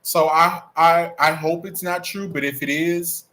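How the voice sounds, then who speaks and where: A man hosting a livestream, chatting in a sassy, animated, playful way about celebrity gossip. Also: on the high side, a little slow, hardly any pauses. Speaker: livestream host. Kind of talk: casual celebrity gossip chat.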